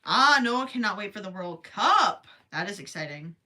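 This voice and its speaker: Her medium-pitched voice swings widely in pitch, pushed and bright at a normal pace, as this young Minnesotan streamer crochets late at night. Giggly and chatty, she reads viewer comments aloud while tired and worried about losing her voice.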